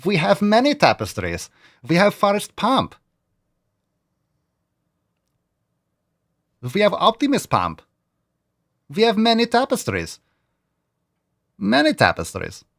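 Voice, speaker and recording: A man's voice: high voice, huge pitch swings, a little slow, vocal fry, long pauses, fairly bright tone, dry recording, clean studio sound, voice pushed up, full character voice. A man putting on a stiff mock foreign accent as a proud male castle keeper boasting about his tapestries. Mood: boastful.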